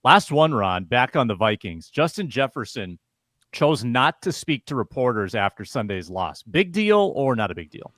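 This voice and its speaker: A man co-hosting a sports talk show, briskly asking questions and running through picks. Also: mid-range voice, very animated, a bit bright, no echo. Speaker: co-host.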